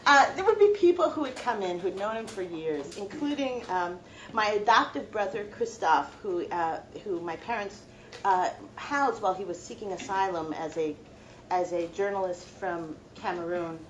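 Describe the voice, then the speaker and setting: A woman's voice: on the low side, moderate pace, dull audio, a little hiss or hum. A middle-aged woman, a law professor, giving a heartfelt, reflective personal lecture to students.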